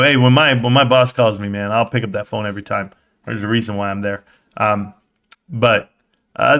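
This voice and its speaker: A man in his thirties hosting a casual livestream, rambling and excitable, his voice rising loud and dropping soft. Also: mid-range voice. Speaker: livestream host. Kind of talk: casual stock-market livestream chat.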